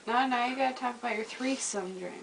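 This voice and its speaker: A woman's voice: on the high side, fast talker, gravelly, noisy background. A young woman chiming in with teasing remarks during a casual chat between friends. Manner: teasing interjections.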